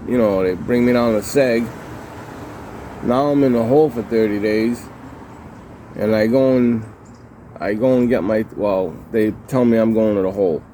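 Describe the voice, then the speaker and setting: A man's voice: mid-range voice, mellow, a little hiss or hum. A man recounting his time in prison in a heated, profane way, repeating himself and acting out what people said. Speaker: former prisoner telling his story. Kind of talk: casual storytelling to camera.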